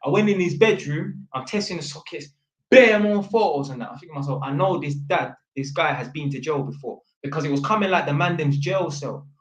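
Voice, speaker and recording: A man's voice: a little high, a little fast. Rambling man, slangy, in an echoey room. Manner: slangy, rambling, full of fillers and restarts. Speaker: electrician. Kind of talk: storytelling vlog. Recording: roomy echo.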